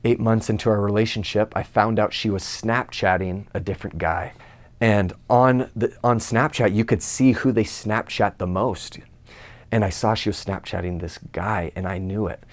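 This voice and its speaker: A man's voice: lowish voice, steady tone, normal speed. A young man giving an earnest personal testimony, telling his story and acting out his own inner thoughts.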